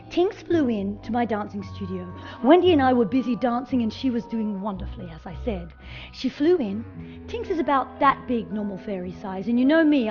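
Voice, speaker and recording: A woman hosting a children's show plays a fairy character, telling a story in an animated, sing-song voice and addressing the kids directly. Her pitch is fairly high, and the audio is lo-fi.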